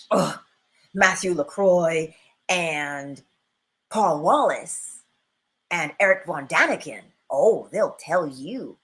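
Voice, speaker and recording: A middle-aged woman with a slightly low voice talks through spiritual ideas in a relaxed, unscripted way. She muses aloud, stretching out her fillers as she hunts for the next name. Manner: musing, searches for names with drawn-out fillers. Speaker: channel host. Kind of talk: casual spiritual talk.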